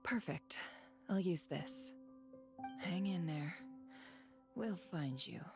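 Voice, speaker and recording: A woman voicing a calm, gentle female game character who muses softly to herself. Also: on the low side, slow pace, gravelly. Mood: musing. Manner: soft, calm, musing to herself. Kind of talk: game voice acting. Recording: game music under the voice. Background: game music.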